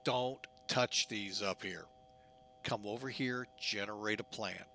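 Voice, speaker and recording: A man rambles jokingly as he gets a flight simulator ready, frequently making himself the butt of the joke. He speaks slowly in a lowish voice with a sharp tone, and a little background noise is audible.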